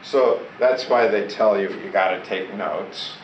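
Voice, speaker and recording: A male teacher leads a classroom lesson, drawing answers and repetitions out of his students at an unhurried pace. He is heard from across an echoing room, with clear background noise throughout. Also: fairly low pitch, muffled recording. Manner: prompts students to repeat and answer. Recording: echoey classroom recorded from far off with loud background noise.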